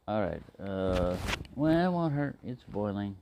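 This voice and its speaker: A man's voice: lowish voice, very animated, measured pace, gravelly, background noise. A man talking casually to the camera as he cooks, rambling, talking to himself and answering in silly voices. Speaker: outdoor cooking vlogger. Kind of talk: casual talk to camera while cooking.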